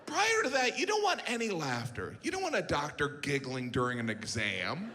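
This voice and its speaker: A middle-aged male stand-up comic with a slightly raised voice that swings widely in pitch, delivering deadpan, self-mocking lines. His stage mic carries a long hall reverb over a loud background ambience. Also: moderate pace, slight background noise. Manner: deadpan, self-deprecating, dips into character voices. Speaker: stand-up comedian. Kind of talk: stand-up comedy set. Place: comedy theater stage.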